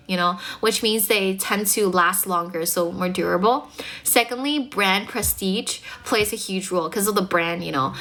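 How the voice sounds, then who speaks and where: Bright-voiced woman teaching English live. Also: medium pitch. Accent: mostly American. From China. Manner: chatty, greets viewers often, laughs easily. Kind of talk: live-stream English chat lesson.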